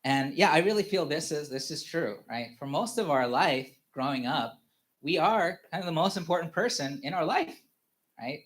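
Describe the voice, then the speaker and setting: A man in his thirties giving a personal testimony at a church family service, speaking haltingly with many fillers and restarts and chuckling often. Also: on the high side, expressive, a bit bright. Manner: halting, full of "you know" fillers and restarts; chuckles often while telling stories.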